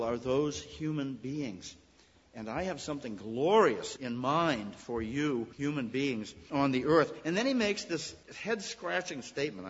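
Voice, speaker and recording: Male pastor, middle-aged, slightly high voice, impassioned sermon delivery, dull lo-fi recording with long hall reverb. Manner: impassioned preaching with sudden swells and quiet drops.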